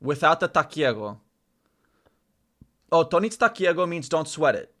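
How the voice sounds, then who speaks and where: Streamer, male, native Spanish speaker, slightly high voice, repeats phrases as he sounds them out. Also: sing-song, fairly bright tone. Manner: repeats phrases slowly, sounding out foreign words. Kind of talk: casual live-stream language practice.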